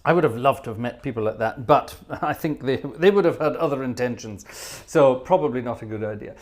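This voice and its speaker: A man's voice: medium pitch, a little fast. A man hosting a live organ music stream, chatting playfully, thanking viewers and humming tunes between pieces. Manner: playful, teasing, hums tunes and reads out viewer names. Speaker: livestream host playing organ.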